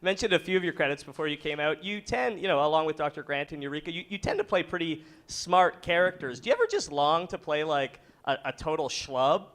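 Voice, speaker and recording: A man's voice: on the high side, lively intonation, a little fast, hardly any pauses, fairly bright tone. A man moderating a convention panel, asking the guest questions in an easygoing way. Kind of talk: interview questions.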